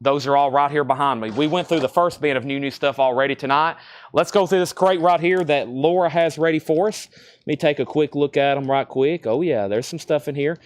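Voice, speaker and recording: A Southern-accented man runs a live-stream record sale from a record shop, reeling off titles, conditions and prices. His voice is on the high side and a little fast.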